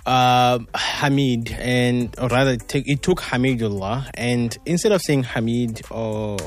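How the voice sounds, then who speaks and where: Man, radio co-host, mid-pitched, hesitant casual chat in studio. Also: measured pace. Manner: hesitant, with many fillers.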